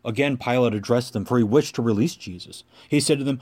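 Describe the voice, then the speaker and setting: A man reading scripture aloud as lector, in a measured, clear narrating voice. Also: mid-range voice, a little mellow.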